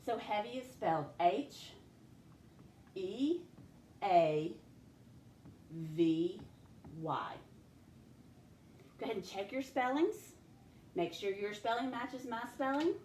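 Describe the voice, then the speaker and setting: A woman teaching a spelling lesson, speaking slowly and clearly and sounding out each letter and syllable. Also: mid-range voice, lively intonation, darkish tone. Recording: echoey room with faint ambient noise.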